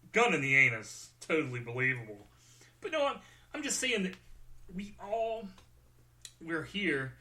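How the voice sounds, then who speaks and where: In a pushed, bright, mid-range voice, a male podcast host gives a personal monologue. He's tearful, yet candid and joking, making fun of himself as he talks about his feelings.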